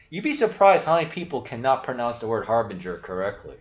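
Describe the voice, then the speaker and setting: A man's voice: fairly high pitch, animated, fast, hardly any pauses. A man hosting a casual livestream, thinking aloud in a rambling, self-interrupting way and swearing casually. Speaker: livestream host. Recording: echoey, dull lo-fi stream audio.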